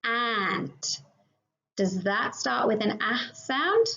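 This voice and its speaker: A woman teacher with an Australian accent giving a slow, encouraging phonics lesson to young children, sounding out each letter. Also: a little high, big pitch swings, gravelly, pushed and bright. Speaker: prep teacher. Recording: dull lo-fi sound.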